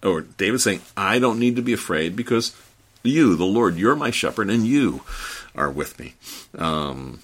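A man preaching a sermon in an earnest, halting way, often repeating words as he builds each point. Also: on the low side, expressive, slightly rough.

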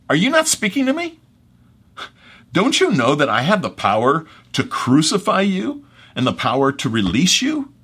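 A man's voice: deep voice, fairly bright tone, husky. A man preaching an expository sermon, reading scripture aloud with dramatic emphasis and breaking off into conversational asides. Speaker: pastor.

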